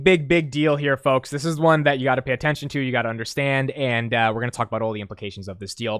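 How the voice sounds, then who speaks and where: A man hosting a stock market video, giving casual, emphatic investing commentary with excitement. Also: medium pitch, no echo, studio quality. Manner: excited, emphatic, talks fast.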